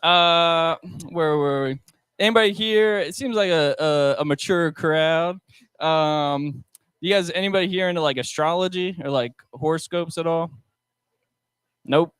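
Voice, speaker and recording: A young man doing a stand-up set with crowd work on a restaurant stage, talking haltingly with many ums and likes into a handheld mic. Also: a little high, a bit bright, smooth, dry recording. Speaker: stand-up comedian.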